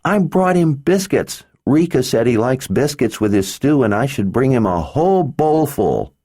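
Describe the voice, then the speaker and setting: A man narrating an audiobook and voicing an earnest, serious little orphan girl in a high childlike voice. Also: big pitch swings, moderate pace, mellow, no echo, clean studio sound. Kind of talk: audiobook character voice.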